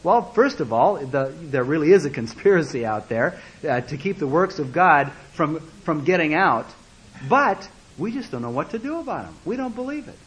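A man preaching a sermon as a story, animated and repeating words, acting out the voices of the people in it. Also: a little high, normal speed, slightly rough, poor audio.

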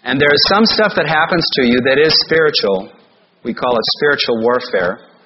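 A male pastor delivers a sermon, telling a personal story in an easy conversational way, speeding up and slowing down as he goes. The recording sounds slightly dull and lo-fi, with a faint hiss in the background. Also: mid-range voice, big pitch swings. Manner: conversational storytelling, shifting pace.

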